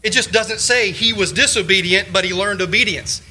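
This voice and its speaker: A man's voice: high-pitched, moderate pace, sharp tone, breathy edge, poor audio. A male pastor preaching a sermon, firing off rhetorical questions and repeating short phrases for emphasis. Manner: leans on short repeated exhortations.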